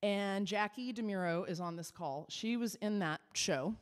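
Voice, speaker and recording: Chatty cabaret singer with reverb. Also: female voice, medium pitch, moderate pace, smooth. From Texas. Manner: chatty, self-mocking storyteller. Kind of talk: stage patter between songs.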